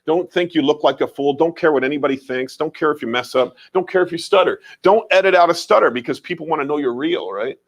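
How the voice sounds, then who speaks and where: A man's voice: fairly high pitch, fast talker, hardly any pauses. A man with an American accent co-hosting a casual livestream, talking emphatically and repeating his points. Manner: animated and emphatic, repeats phrases, mild swearing. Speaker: livestream co-host.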